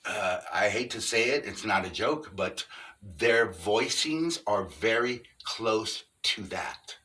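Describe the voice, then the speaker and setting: A middle-aged man in an unscripted monologue, explaining things earnestly step by step in a halting way. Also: fairly low pitch, animated, bright, forceful tone, distant mic. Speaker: vlogger on Sasquatch encounters.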